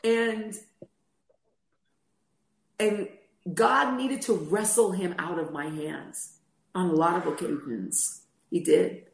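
A middle-aged woman with a low voice recounts a personal story as a co-host of a faith talk show. She acts out the dialogue as she goes. The recording has a roomy echo. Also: takes it slowly, gravelly, pauses often. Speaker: podcast co-host. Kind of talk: personal testimony in casual chat.

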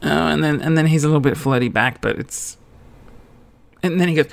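A woman's voice: deep voice, a little fast, creaky. Giggly self-mocking woman. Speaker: comedian and podcast host. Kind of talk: casual comedic storytelling.

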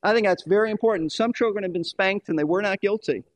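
A man's voice: high-pitched, fast, no echo. A man preaching a sermon in an emphatic way, repeating key phrases for stress.

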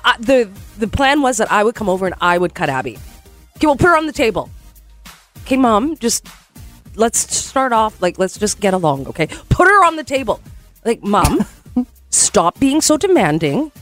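A woman co-hosting a radio show, teasing her partner and telling animated stories. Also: on the high side, a little fast, faint music behind. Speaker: radio co-host. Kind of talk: casual radio banter.

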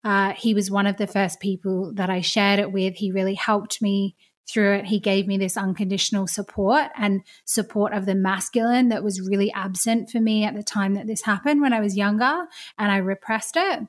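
A woman's voice: mid-range voice, fairly even intonation, moderate pace. A woman guest on a podcast, sharing her experience in an open, reflective and casual way. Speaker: podcast guest, business owner. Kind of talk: casual interview chat.

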